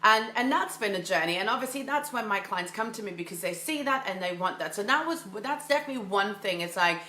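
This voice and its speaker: A woman's voice: medium pitch, expressive, fast talker, sharp tone, echoey room. A woman mindset coach giving an enthusiastic, casual motivational talk, often repeating phrases for emphasis. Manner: casual, filler-heavy delivery. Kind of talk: motivational monologue.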